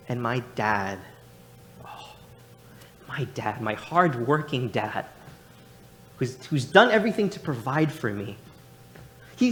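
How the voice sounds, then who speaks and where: A young adult man preaching in church, telling a personal story with frequent restarts and repeated words. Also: mid-range voice. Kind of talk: sermon. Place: church sanctuary.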